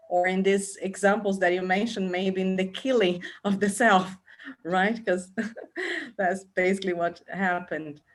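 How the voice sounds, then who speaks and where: A woman reporting back from a group discussion in an online seminar over a video call, in a reflective way. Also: medium pitch. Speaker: seminar participant.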